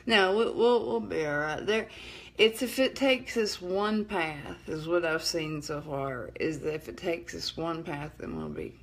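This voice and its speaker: A middle-aged woman with a Southern drawl from the Alabama hills chats on a live stream from her home. Her voice is lowish and gravelly with a slow, unhurried pace. She rambles, restarts her sentences and laughs a lot. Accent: Southern US, northeast Alabama. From northeast Alabama. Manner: rambling, self-interrupting, laughs often. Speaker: livestream host. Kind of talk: casual live-stream chat. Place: at home at night.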